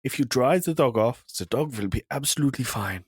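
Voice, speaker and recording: A man voicing a German man who rescues a dog, with a German accent and a loud punchline delivery. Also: medium pitch, expressive, fairly quick, slightly rough, dry recording, studio quality, voice pushed up. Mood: excited.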